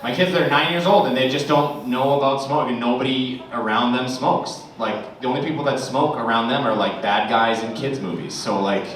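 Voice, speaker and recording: A man's voice: medium pitch, moderate pace, hardly any pauses, fairly bright tone. A man doing stand-up, his delivery exasperated and sarcastic. He talks into a stage mic, heard from far off in a very echoey club with a noisy crowd behind him. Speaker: stand-up comedian. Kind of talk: stand-up comedy. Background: audience laughter.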